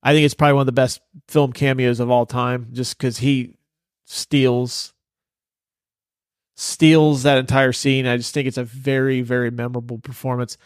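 A man's voice: mid-range voice, flat delivery, moderate pace, smooth, no echo, clean studio sound. A man hosting a podcast, chatting loosely about a film with many fillers and casual swearing. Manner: loose, filler-heavy, profane. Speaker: podcast host. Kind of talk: casual movie review chat.

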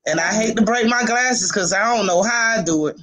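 Casual male interviewee, high-pitched man, animated storyteller, from Miami. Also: a little fast. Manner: animated storyteller, laughs often. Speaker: youth football coach.

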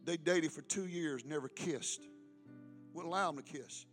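A middle-aged man preaches with fervor, his voice pitched high. He drops from loud calls to near-whispered asides. Faint music plays beneath him. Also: normal speed. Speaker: pastor. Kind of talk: sermon.

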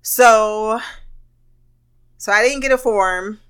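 A woman's voice: on the high side, slow, a bit bright, smooth. Rambling woman telling a casual story. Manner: rambling and candid, laughs often, swears. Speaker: podcast host. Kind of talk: casual monologue.

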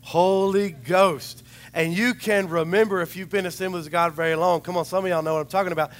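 A man delivers a sermon in a rambling, chatty, storytelling way, with a fairly high voice. His voice is a little hoarse as he recovers from losing it. He mixes in humor as he talks to his congregation. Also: steady tone, quick pace. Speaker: preacher.

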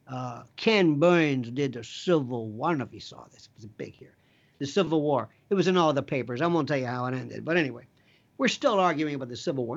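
Rambling gravelly-voiced middle-aged man. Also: fairly high pitch, lo-fi sound. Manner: rambling, emphatic, digressive, jokey. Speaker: guest, former prosecutor. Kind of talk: animated conversational storytelling.

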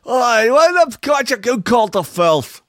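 Man doing a swan, drunk, foul-mouthed, bad Scottish accent, high pitched, sing-song. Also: very animated, unhurried, no room sound, clean studio sound, faint music behind, exaggerated voice. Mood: belligerent. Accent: bad put-on Scottish. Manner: shouty, sing-song, swearing.

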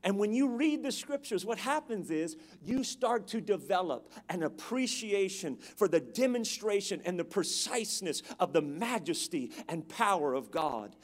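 A man's voice: high voice, lively intonation, normal speed, few pauses. A man preaching a sermon, dramatic and emphatic, with call-and-response to the congregation.

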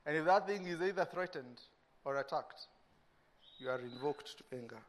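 A Kenyan man preaching a sermon, who acts out little dialogues and swings between loud bursts and hushed lines. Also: on the high side, expressive, normal speed, slight background noise. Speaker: pastor.

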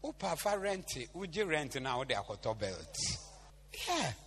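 A man's voice: a little high, very animated, measured pace, a bit bright. A man with a Ghanaian accent preaching a sermon to a congregation, bantering and joking with them as he teaches. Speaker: pastor. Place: large church hall. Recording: echoey hall, faint hum.

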